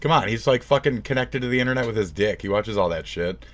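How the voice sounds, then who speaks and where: A man livestreaming a profane, sarcastic rant, jumping from loud outbursts to low mumbles. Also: lively intonation, fast talker. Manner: profane, sarcastic, swings between shouting and mumbling. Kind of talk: casual stream rant.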